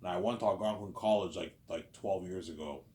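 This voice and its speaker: A man's voice: low voice, a little fast, mellow. A man in his thirties rambling through a casual monologue, repeating himself and tagging lines with filler phrases. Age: 30s. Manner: repetitive, keeps saying "obviously" and "you know what I'm saying". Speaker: vlogger.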